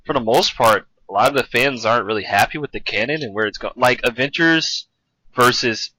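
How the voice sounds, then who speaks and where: Bright-voiced man in casual chat. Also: medium pitch, fairly quick, no room sound, rough recording. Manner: rambling, restarts a lot, chatty. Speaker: podcast co-host.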